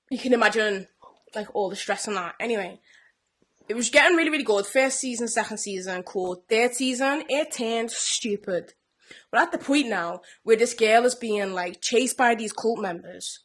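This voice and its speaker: A young woman, co-hosting a casual podcast chat and retelling a TV plot with animated energy. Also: fairly high pitch, normal speed. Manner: animated storyteller who acts out characters' lines. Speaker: podcast co-host.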